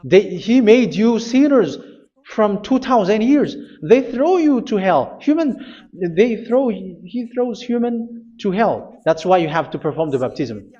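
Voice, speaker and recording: A man preaching a sermon, insistent and repetitive, often pausing with hesitations. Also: high-pitched, sing-song, mellow. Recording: dull lo-fi recording.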